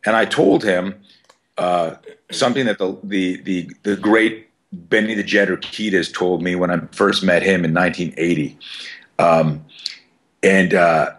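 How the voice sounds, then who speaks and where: A man's voice: sits low, fairly even intonation, unhurried, a bit bright. A man in his fifties, a self-defense coach guesting on a podcast, telling stories in a rambling, profane way full of fillers. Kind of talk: casual storytelling interview.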